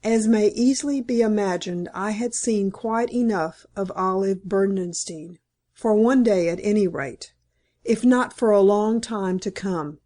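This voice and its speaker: A woman reading a classic novel aloud as an audiobook narrator, in a measured, composed manner. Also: mid-range voice, warm tone.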